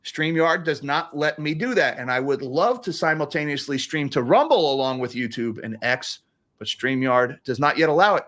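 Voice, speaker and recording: A man's voice: a little high, moderate pace, fairly bright tone. A man hosting a casual livestream about economics, reading super chats with a sarcastic, chuckling manner and frequent restarts.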